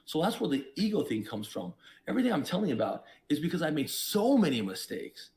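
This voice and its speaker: A man who is a podcast guest, telling his own story in an emphatic, preachy way, with sudden jumps in pitch and loudness. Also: very animated, fast talker. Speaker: podcast guest, investor and entrepreneur. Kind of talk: reflective storytelling.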